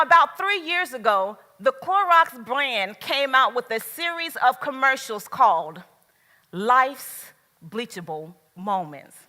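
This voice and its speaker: A woman giving a motivational speech at a business event, slow and emphatic, with dramatic pauses. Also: high voice, pushed and bright. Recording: long reverb of a large hall.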